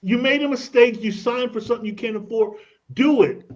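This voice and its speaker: Male radio guest expert with a high-pitched voice; pushy, persuasive delivery peppered with slang, heard on a muffled broadcast. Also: brisk, a little hiss or hum. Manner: emphatic, persuasive, casual slang. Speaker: credit and tax expert guest. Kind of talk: radio talk show guest explaining. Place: radio studio.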